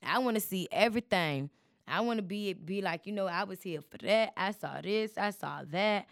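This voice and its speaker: A woman's voice: mid-range voice, moderate pace, no echo, clean studio sound. Chatty woman podcast host. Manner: chatty, preachy, addresses listeners as y'all. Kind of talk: casual chat.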